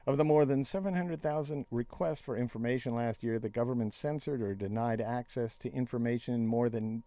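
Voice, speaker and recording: A man co-hosting a casual talk show, reading out news items and commenting on them in a wry, deadpan way. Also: mid-range voice, brisk, no echo.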